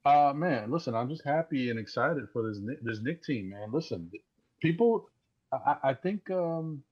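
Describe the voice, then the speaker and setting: A man calling in to a live sports talk show over a voice chat, talking excitedly and rambling, often repeating words as he restarts. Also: mid-range voice, moderate pace, husky. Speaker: caller. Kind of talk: casual call-in sports talk. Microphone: Discord voice call. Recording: dull lo-fi call audio.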